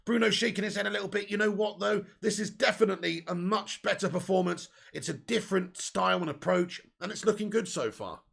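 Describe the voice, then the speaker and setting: Man, live football watch-along host, gravelly voice, fairly high pitch, excitable, swears a lot. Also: brisk, few pauses. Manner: excitable, chatty, swears freely, reads chat aloud. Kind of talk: casual live match commentary.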